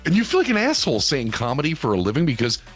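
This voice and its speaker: A male podcast co-host with a hugely lively voice that leaps up and down as he tells stories. He swears freely and acts out other people's lines in put-on voices. Faint music plays behind him. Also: fairly high pitch, racing. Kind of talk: casual chat.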